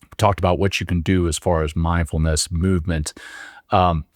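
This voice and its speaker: A man co-hosting a podcast, relaxed and reflective, with lots of ums. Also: low voice, normal speed, no echo, clean studio sound. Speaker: podcast co-host. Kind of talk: podcast interview conversation.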